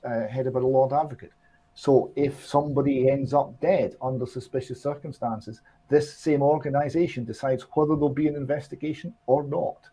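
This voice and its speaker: A man's voice: mid-range voice, dark tone, husky. A man on an online discussion show, explaining and building his argument step by step with emphasis. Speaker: political commentator.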